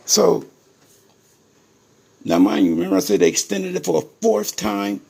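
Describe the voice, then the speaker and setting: A man's voice: on the low side, huge pitch swings, normal speed, vocal fry, long pauses, a little mellow, breathy edge. A man telling his own story straight to his viewers, indignant and emphatic, calling out to them again and again and repeating words for stress.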